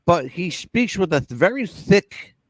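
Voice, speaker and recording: A man hosting a casual talk-radio show, telling stories with animated, crude and profane patter. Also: high-pitched, unhurried, dry recording. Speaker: radio host.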